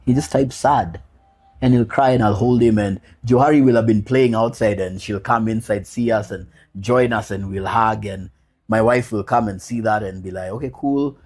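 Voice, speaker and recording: A man appears as a podcast guest, sharing his personal story as a father in a heartfelt interview. His voice is on the low side, steady, a little mellow and at normal speed, and he repeats key phrases while blending casual slang with earnest reflection.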